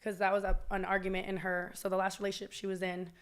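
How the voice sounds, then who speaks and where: Young woman, podcast guest, frank and chatty, mid-pitch, casual. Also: completely flat delivery. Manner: frank, chatty, quick to agree. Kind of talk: casual conversation.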